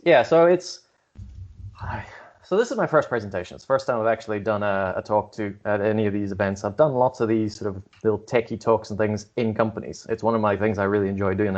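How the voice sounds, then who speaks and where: A man who grew up in Scotland, talking as a guest speaker in a casual, chatty way and laughing often. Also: lowish voice. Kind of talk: casual chat. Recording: dull lo-fi sound.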